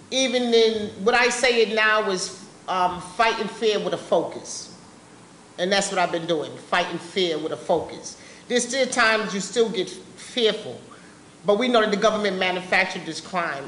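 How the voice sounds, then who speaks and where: A woman's voice: fairly low pitch, a bit bright. A woman giving personal testimony as a speaker at a public forum, talking in a blunt, impassioned, colloquial way. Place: meeting room at a live public event. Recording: roomy live-event recording with faint background noise.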